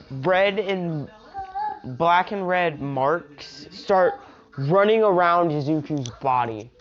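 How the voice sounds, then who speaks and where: Low, slow, rambling woman storyteller. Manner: rambling, many filler asides. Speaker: fan storyteller. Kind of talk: casual fan-story retelling. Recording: dull lo-fi home recording.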